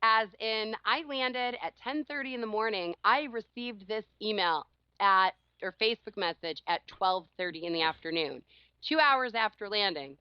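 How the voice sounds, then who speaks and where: A woman co-hosting a podcast, telling a story in a casual, animated way and laughing often. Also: medium pitch, moderate pace, clear, resonant tone, dry recording. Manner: animated, quotes others in changed voices, laughs often. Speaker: podcast co-host. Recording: dull lo-fi podcast audio.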